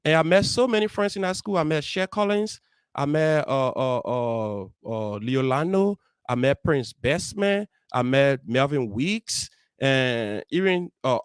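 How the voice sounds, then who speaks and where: A man's voice: a little high, no room sound, studio quality. Earnest Liberian man telling his story. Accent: Liberian English. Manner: earnest, heartfelt, acts out dialogue. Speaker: motivational show host. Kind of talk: personal storytelling.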